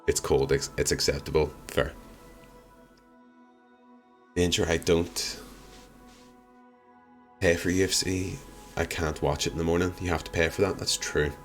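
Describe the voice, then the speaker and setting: A man's voice: low-pitched, fairly even intonation, a little slow, long pauses, faint music behind. A young man chatting casually on a live stream, answering viewer comments in a rambling, wry, self-deprecating way. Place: home streaming room.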